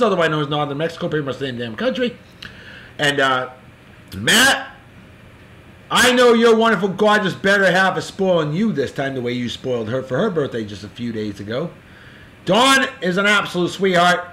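A man hosting a casual show, giving boisterous, jokey birthday shout-outs in a folksy way. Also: sits high. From California. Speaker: show host.

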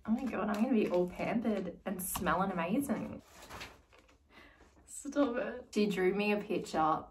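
A young woman vlogging as she unboxes a gift, gushing and excitable, swinging between squeals and soft murmurs. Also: fairly low pitch. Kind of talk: casual vlog, unboxing a gift. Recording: slightly distant mic with faint noise.

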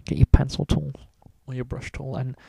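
Gravelly, swearing man. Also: mid-range voice, level tone, normal speed, mellow, no room sound. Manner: rambling, swears in nearly every sentence. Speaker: drawing tutorial maker. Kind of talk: casual screen-recorded tutorial.

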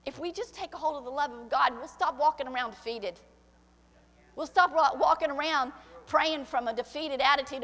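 High-voiced woman pastor preaching in a hall. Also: moderate pace. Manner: preaching with swings from soft to shouted, acting out quoted voices. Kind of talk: sermon. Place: church sanctuary. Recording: church hall with long reverb.

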